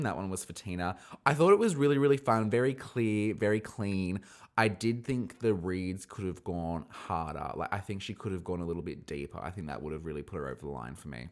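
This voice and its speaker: A man with a fairly low speaking voice hosts a casual review podcast. He chats in a gossipy, animated way and jumps into loud, high squeals when something excites him. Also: moderate pace. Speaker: podcast host reviewing a drag competition.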